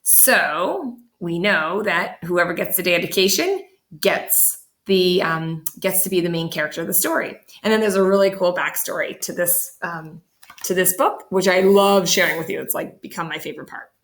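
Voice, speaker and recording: A teacher reading a picture book aloud to her class, with animated, expressive storytelling. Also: on the low side, normal speed.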